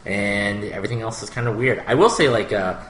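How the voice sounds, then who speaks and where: A man in his thirties co-hosting a podcast, rambling through his points with lots of filler words in a bright, clear voice. The room sounds echoey, with a faint hiss behind him. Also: fairly low pitch, fairly quick. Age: 30s. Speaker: podcast co-host. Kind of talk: casual chat.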